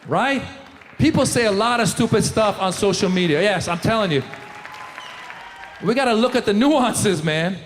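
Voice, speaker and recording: A man performing a stand-up comedy routine in a punchy, animated way, in a live show. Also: sits high, moderate pace, pauses often, a faint crowd, slight background noise. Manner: punchy, animated, acts out characters in funny voices. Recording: live show in a large hall with audience.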